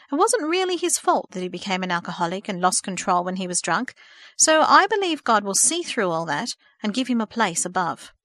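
A kindly reverend, read by a woman in her own voice, speaks calmly and consolingly. The reading is close and dry. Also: mid-range voice, no room sound. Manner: calm, consoling. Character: kindly male country reverend.

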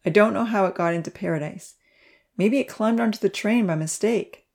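A woman voicing a calm, kindly grown man who talks slowly and heavily in a storybook reading. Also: mid-range voice, creaky. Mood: grave. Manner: slow, heavy, measured speech.

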